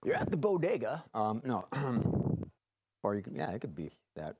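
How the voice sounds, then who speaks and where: A man's voice: medium pitch, wildly swooping pitch, normal speed, heavy background noise. A man hosting a live improv comedy show, calling for audience suggestions in a playful, jokey way. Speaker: improv game host.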